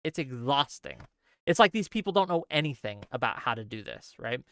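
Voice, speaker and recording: A man hosting a political commentary livestream, talking straight to his viewers in a sarcastic, exasperated rant. His voice is bright and crisp, and the sound is dry and close with no room echo. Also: medium pitch, big pitch swings, fast talker. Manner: talks straight to viewers, reads chat. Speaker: political commentary show host.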